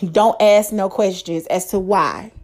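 A woman's voice: mid-range voice, unhurried, darkish tone. A woman hosting a casual solo podcast, talking emphatically, swearing freely and throwing rhetorical questions at her listeners. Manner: emphatic, swears freely, fired-up pep talk. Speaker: podcast host.

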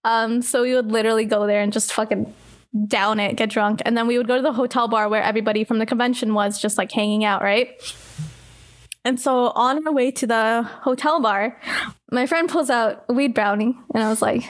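A young woman from Canada telling a story in casual chat, animated, filling her talk with "like" and casual swearing. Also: on the high side, brisk.

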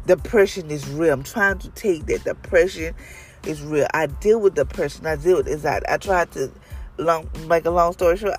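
A middle-aged mother talks straight to her viewers about faith and hard times, earnest and emphatic, circling back on key phrases for weight. Soft music plays faintly underneath. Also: fairly low pitch. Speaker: mother sharing a faith testimony. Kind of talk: heartfelt faith talk to viewers.

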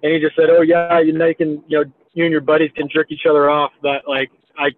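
A man's voice: a little high, little pitch movement, fast talker, slight background noise. A man in his thirties telling a story in a rambling, profane way, packed with "like" and "you know". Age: 30s. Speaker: meme creator guest. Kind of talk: casual storytelling in a podcast chat. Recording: tinny phone-like audio.

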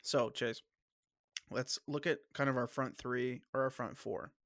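A man hosts a casual sports podcast and argues his picks firmly, stumbling and restarting as he goes. He has a slight cough. His voice is mid-pitched and sits close and dry on the mic. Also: fairly even intonation, fairly bright tone, no echo. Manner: opinionated, halting with restarts. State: coughing, clearing throat. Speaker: podcast host.

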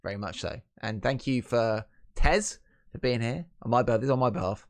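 A man hosting a podcast, chatting warmly and enthusiastically, thanking his guests and community. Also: mid-range voice, a little fast. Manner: chatty, enthusiastic, uses 'mate' and 'brother'. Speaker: podcast host. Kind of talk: casual chat.

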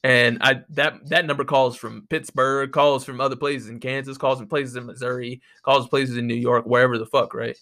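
A man's voice: medium pitch, level tone, moderate pace, hardly any pauses, sharp tone. A man hosting a podcast, ranting casually in a profane, exasperated way, close to the microphone. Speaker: podcast host.

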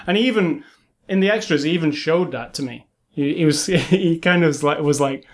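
A man gushing about a film in a loose, casual chat, his voice sitting a bit high. He rambles, restarts sentences and leans on fillers as his enthusiasm runs ahead of him. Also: a little fast. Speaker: film podcast co-host.

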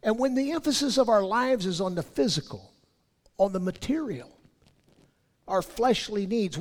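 A man preaching a sermon, rising loud on his key points and dropping low for scripture. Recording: long hall reverb.

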